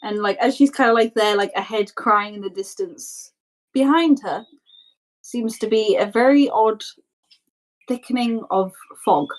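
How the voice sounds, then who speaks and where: Woman gm narrating, slow and rambling with lots of likes, higher voice. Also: low-quality recording. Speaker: game master. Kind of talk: narrating a tabletop game.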